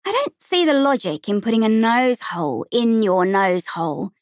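A dry-witted teenage girl who delivers her lines deadpan. A woman voices her while reading an audiobook. The recording is close and dry. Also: a little high, normal speed, no room sound, lightly acted.

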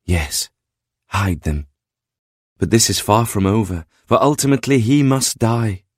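A man voicing an ethereal goddess mother who speaks calmly in formal, admonishing sentences. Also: lowish voice, unhurried, breathy edge, no echo, studio quality, pitched above the performer's own voice. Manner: calm, admonishing, formal speech. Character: ethereal female goddess mother, stern and wise.

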